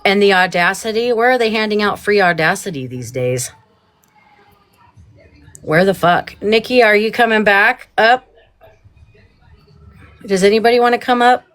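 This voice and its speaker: A woman's voice: medium pitch, animated, normal speed, long pauses, a bit bright. A woman hosting a livestream, in a heated, profane and rambling rant. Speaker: livestream host.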